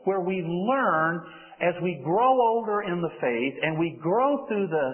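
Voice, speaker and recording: A man's voice: expressive, a little slow. A man preaching a sermon in an earnest way, lifting his voice for emphasis. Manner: earnest, rises in pitch for emphasis. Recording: phone-like sound with long hall reverb.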